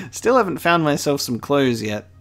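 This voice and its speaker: A man giving relaxed, chatty commentary while playing a video game and reading his dialogue choices aloud. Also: on the high side, slow pace, slight background noise. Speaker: gaming YouTuber. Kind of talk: casual gameplay commentary. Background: game music.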